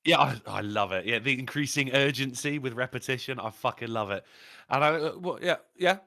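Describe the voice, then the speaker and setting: A man's voice: mid-range voice, fairly quick, gravelly, no room sound, clean studio sound. A British man co-hosting a podcast, telling mischievous anecdotes in casual chat and swearing freely. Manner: animated, profane, mischievous storyteller. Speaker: podcast co-host.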